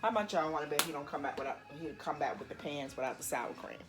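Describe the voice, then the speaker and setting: A woman's voice: deep voice, lively intonation, fast, reverberant, over music. A woman vlogger cooking in her home kitchen, chatting playfully to viewers with laughing asides. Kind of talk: casual cooking demonstration.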